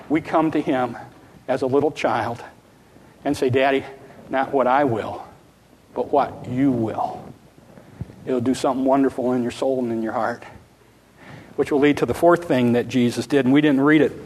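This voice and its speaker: Earnest preacher in a reverberant hall. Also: male voice, medium pitch, darkish tone, slight background noise. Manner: earnest, repeats phrases, acts out childlike pleading prayers. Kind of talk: sermon. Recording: long reverb of a large hall.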